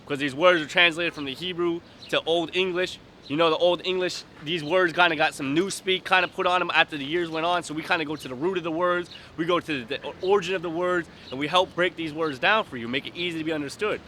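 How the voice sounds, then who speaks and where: A man preaching outdoors on a street in rough, blunt vernacular, hammering his points with emphasis. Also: a little high, quick pace, few pauses, sharp tone, a little hiss or hum.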